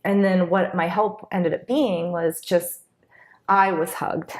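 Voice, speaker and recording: A woman's voice: on the low side, steady tone, slow, darkish tone. A woman, a Reiki master, speaking as a guest in a casual interview, open and heartfelt, often rambling with filler phrases. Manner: open, heartfelt, rambling with many "you know"s.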